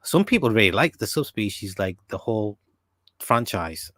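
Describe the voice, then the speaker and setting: A man's voice: lowish voice, big pitch swings, normal speed, fairly bright tone, dry recording. A man hosting a casual podcast, reading viewer comments aloud and talking with many fillers and restarts. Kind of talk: casual chat.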